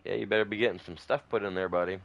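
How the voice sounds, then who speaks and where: Deep-voiced rambling gamer guy. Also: fairly even intonation, very fast, gravelly, fairly bright tone, lo-fi sound. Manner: rambling storyteller, many fillers and restarts. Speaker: gaming streamer. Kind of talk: casual gameplay chat.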